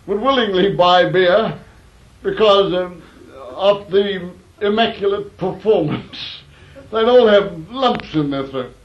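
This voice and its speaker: A man telling old anecdotes in a wry, rambling way, in a dull lo-fi recording. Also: sits high. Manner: wry, rambling, with fillers and restarts. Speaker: storyteller. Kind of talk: anecdotal storytelling.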